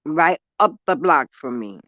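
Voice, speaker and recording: A woman's voice: low voice, animated, unhurried, no room sound, highs cut off. A woman from New City, telling a story in blunt, profane street talk while smoking. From New York City. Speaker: vlogger. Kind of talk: casual storytelling.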